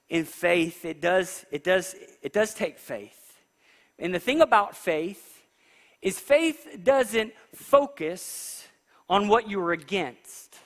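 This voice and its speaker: Male pastor, high bright voice, preaching with big dynamic swings in a reverberant hall. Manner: animated preaching, rising and falling in pitch and volume. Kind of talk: sermon. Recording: long reverb of a large hall.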